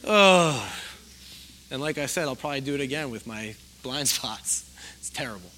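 A man's voice: mid-range voice, expressive, moderate pace, bright, forceful tone, a little hiss or hum. A middle-aged man preaching a sermon in a conversational, self-deprecating way, often putting questions to the congregation. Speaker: pastor.

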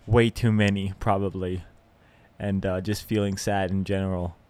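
A man's voice: deep voice, flat delivery, normal speed, a little mellow, clear, resonant tone. A young man hosting a casual solo podcast, rambling and self-deprecating, with plenty of fillers and restarts. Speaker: podcast host.

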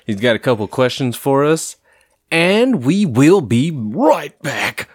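A man's voice: medium pitch, big pitch swings, slow, husky. A man co-hosting a podcast, talking loosely and swearing a lot, rambling with fillers while stoned. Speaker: podcast co-host. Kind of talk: casual podcast chat.

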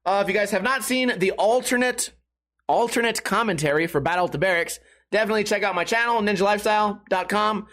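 A man's voice: sits high, quick pace, fairly bright tone. A young man hosting a live-streamed solo podcast, telling rambling, profane, self-mocking stories in a casual way.

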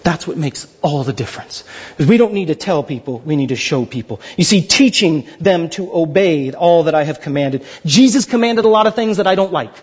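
A man's voice: fairly high pitch, animated, a little fast, husky, highs cut off. A man preaching a sermon as pastor, joking and acting out little dialogues.

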